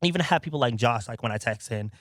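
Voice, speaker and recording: Male podcast host, casual chat, animated storyteller who acts out quotes and laughs a lot, mid-pitched, dry close sound. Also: quick pace, no echo.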